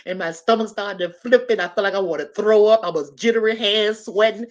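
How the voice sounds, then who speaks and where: A woman in her fifties telling a personal story in a casual, animated way, talking straight to her listeners. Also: medium pitch, fairly quick, hardly any pauses. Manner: animated, chatty, addresses listeners directly. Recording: slightly dull lo-fi audio.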